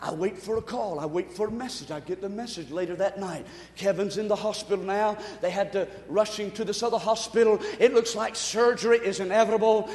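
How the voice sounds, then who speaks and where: A pastor preaches with a very high-pitched, excitable voice. He swings from quiet asides to loud shouted bursts. His voice rings through a large, echoing church hall with a long reverb. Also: brisk, hardly any pauses. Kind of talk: sermon.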